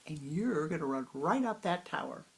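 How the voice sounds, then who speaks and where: A woman's voice: low voice, expressive, moderate pace, creaky, breathy edge, exaggerated voice, poor audio. A woman voicing a wise male guru who knowingly teases his disciple in a spiritual parable. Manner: knowing, gently teasing.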